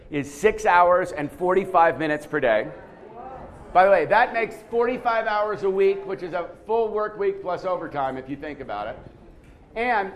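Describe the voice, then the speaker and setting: A man with a slightly high voice runs a quiz for a seminar audience in a conference room. He talks in an animated lecture style, asking questions, calling on people and repeating words as he thinks. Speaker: seminar speaker running a quiz.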